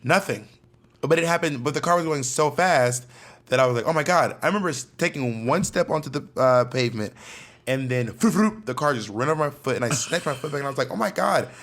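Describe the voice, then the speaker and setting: Podcast co-host: young man from Georgia, animated storyteller, casual. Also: medium pitch, fast talker. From Georgia, USA. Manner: animated storyteller, acts out quotes. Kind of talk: casual chat.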